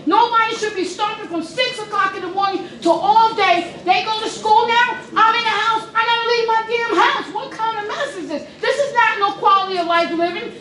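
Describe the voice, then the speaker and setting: An upset woman with a very high voice pours out an emphatic, pleading complaint at public comment. She sounds distant from the mic, her words ringing around an echoey meeting room with a faint hiss beneath. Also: bright, forceful tone. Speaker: resident speaking at public comment. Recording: echoey room, picked up from afar.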